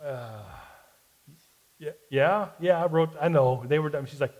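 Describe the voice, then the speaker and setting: A man's voice: mid-range voice, moderate pace, darkish tone, low-quality recording. A man in his forties telling a self-deprecating personal story in a sermon-style podcast, with a Southern US accent. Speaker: pastor.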